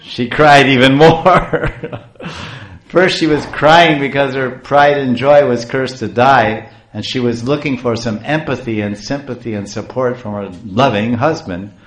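A man telling a scripture story in a lecture, chanting verses and chuckling as he explains, recorded in an echoey room. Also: mid-range voice. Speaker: speaker on scripture. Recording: roomy echo.

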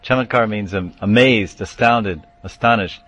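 Male spiritual teacher, lowish voice, explains terms, chants verses in a class. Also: normal speed, a bit bright, no room sound. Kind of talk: scripture class.

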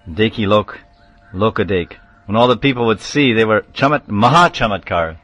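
Guy giving a scripture class, kinda low voice, explains words and chants lines. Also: lively intonation, normal speed, no room sound, soft background music. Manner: explains terms, chants verses, shouts out names. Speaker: spiritual teacher.

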